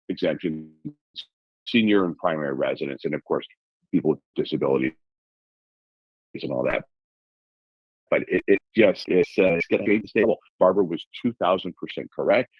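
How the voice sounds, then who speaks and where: A man from Alaska with a very deep, husky voice, speaking as a talk show guest. He tells his story with energy and colorful comparisons, and the recording is dry and close. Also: moderate pace, pauses often, no echo, lo-fi sound. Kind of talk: conversational interview.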